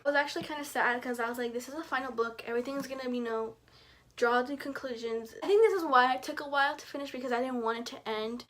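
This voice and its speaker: Brief: young woman, high voice, excitable book-review vlogger, dramatizes her reactions. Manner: chatty, excitable, acts out quoted reactions with big pitch jumps. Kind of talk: casual book review vlog.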